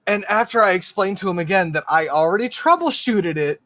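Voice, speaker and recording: Male podcast co-host with a dry close sound, animated and exasperated storytelling, curses freely. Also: high voice, fairly quick, no room sound. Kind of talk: casual chat.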